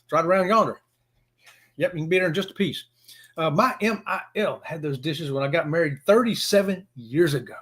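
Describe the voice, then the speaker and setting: A man in his fifties with a Southern US accent, hosting a casual live stream and greeting viewers by name in a folksy, excitable way. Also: a little high, brisk. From Florida.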